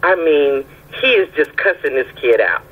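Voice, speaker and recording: A woman with a husky voice, calling in and telling a lively anecdote, often checking in with her listener. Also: low voice, moderate pace. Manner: lively anecdotal storytelling, checks in with "right?" and "okay?". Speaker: caller telling a story. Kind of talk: casual phone storytelling. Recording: tinny phone line.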